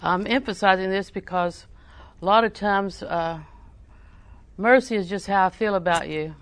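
A woman's voice: mid-range voice, moderate pace, no room sound. Folksy older woman preaching a sermon. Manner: folksy storytelling, emphatic repetition.

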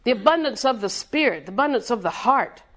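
A woman preaching in a somewhat high voice, building her points through rhythmic repetition. She puts questions to the congregation and answers them herself. Short chuckles come between her points. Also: expressive, brisk, fairly bright tone. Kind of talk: sermon.

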